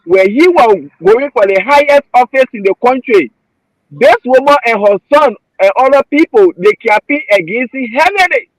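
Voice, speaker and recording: Heated high-voiced Liberian man. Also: expressive, moderate pace, no echo, poor audio. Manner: emotional, repetitive, heated. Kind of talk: passionate political commentary.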